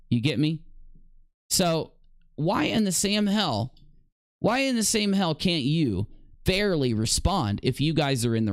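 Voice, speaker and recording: A man's voice: on the high side, dry recording. A man giving accusatory, sarcastic reaction commentary over a video, with profanity. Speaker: commentary YouTuber.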